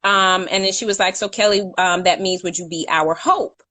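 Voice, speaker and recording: A woman's voice: on the low side, steady tone, moderate pace, pushed and bright. A woman co-hosting a casual talk show, telling a long story in a chatty way and stopping to correct her own slips with a laugh. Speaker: co-host.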